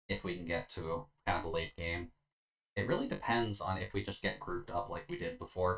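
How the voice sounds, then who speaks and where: Man, game streamer, tired and a bit slurred, low voice, lively up-and-down pitch. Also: creaky. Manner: laid-back, rambling, many fillers. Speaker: streamer playing a video game. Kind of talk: casual gameplay commentary.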